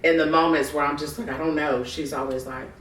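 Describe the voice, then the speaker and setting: A woman hosting a podcast, telling stories in a lively way and acting out other people's voices with frequent laughter. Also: low-pitched, fairly quick, slight background noise. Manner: animated storyteller acting out voices, laughing often. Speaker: podcast host. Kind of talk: casual podcast chat. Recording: roomy, distant mic.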